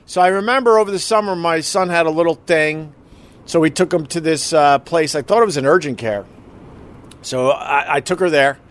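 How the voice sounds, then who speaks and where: A man's voice: on the high side, normal speed. A man telling a personal emergency story in a casual, emotional way, swearing and acting out what others said. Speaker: husband recounting an emergency.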